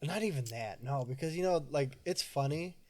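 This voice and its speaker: Man, 30s, relaxed podcast co-host, easy laughs. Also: medium pitch, normal speed. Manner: laid-back, laughs often, swears casually. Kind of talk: casual chat.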